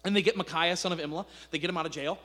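A man preaching a sermon, retelling a scripture story in an animated, casual way with asides. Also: on the high side, racing. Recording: echoey hall reverb.

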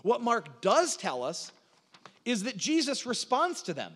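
A man's voice: extremely high pitch, huge pitch swings, unhurried, a bit bright, in a large hall. A man preaching a sermon, earnest and searching, stumbling over restarts and lifting his voice when he quotes scripture. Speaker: pastor.

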